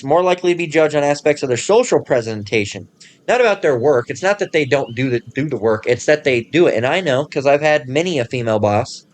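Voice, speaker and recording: A man hosting his own channel, ranting casually in a profane, rambling way and pausing to read passages aloud. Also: mid-range voice. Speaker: channel host.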